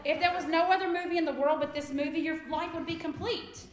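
A woman, a kindergarten teacher in her thirties, telling a comic story live to an audience in an animated, emphatic way. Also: extremely high pitch, quick pace, slight background noise. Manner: animated, emphatic, laughs through lines. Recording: echoey room.

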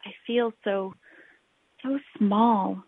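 A woman voicing a tiny, earnest female sea snail in a read-aloud storybook, speaking softly in a small voice. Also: mid-range voice, steady tone, very slow, husky, heavily acted. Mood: wistful. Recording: tinny phone-like recording.

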